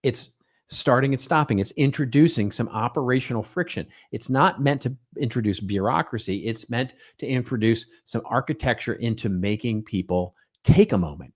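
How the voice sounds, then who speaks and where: A middle-aged man hosts a solo podcast in a medium-pitched voice at a moderate pace. He speaks conversationally, often ending points with "right?" and acting out little quoted exchanges.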